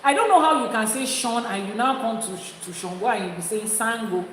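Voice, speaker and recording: A woman's voice: a little high, fairly quick, a bit bright, a little hiss or hum. A woman with a Nigerian accent, an Ifá priestess teaching an audience, speaking emphatically and repeating her points to drive them home. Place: indoor room with people present. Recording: echoey hall with faint ambience.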